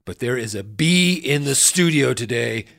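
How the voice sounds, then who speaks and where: A man's voice: mid-range voice, animated, normal speed, gravelly, a bit bright. A pompous vain anchorman. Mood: alarmed. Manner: pompous, panicky and melodramatic. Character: vain pompous male anchorman podcast host. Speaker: podcast host. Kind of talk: improvised comedy podcast.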